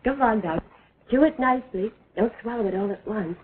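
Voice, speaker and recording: A woman's voice: fairly high pitch, a little fast, close to an everyday voice. An actress playing a doting young woman who coaxes and plays with a small child in an early talkie. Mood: tender. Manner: tender, playful, coaxing, laughs often. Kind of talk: early talkie film acting. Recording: tinny scratchy 1920s film soundtrack.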